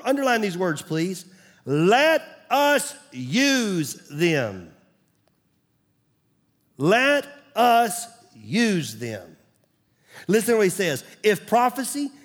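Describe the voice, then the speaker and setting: Preacher guy, high-ish voice, chatty sermon, goes real quiet sometimes. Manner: conversational preaching, drops to near-whisper at times. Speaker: pastor. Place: church stage.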